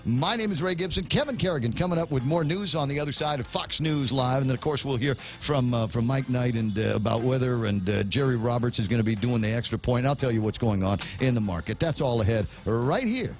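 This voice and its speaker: A man's voice: mid-range voice, fairly quick, hardly any pauses. A man hosting a morning radio show, chatting casually, laughing often and stammering over repeated words. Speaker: radio host.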